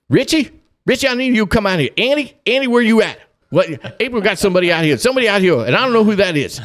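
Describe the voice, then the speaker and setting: A man's voice: very high voice, animated, a little fast, a bit bright, voice pushed up. A man voicing a protective older southern father who talks in urgent, folksy fragments with a Southern US accent. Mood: alarmed. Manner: urgent, folksy, dropping words.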